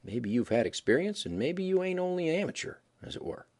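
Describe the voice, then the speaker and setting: A man reading the part of a boastful frontier gambler with a drawling, careless, folksy way of talking and a husky voice. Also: on the high side, sing-song, a little fast, a little mellow, voice pushed up. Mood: easy careless.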